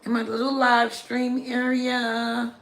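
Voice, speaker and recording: A hoarse woman chatting casually with viewers on a home live stream from a small room, greeting them in many languages. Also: on the high side, completely flat delivery, slow pace, fairly bright tone. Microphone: phone camera. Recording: roomy home recording.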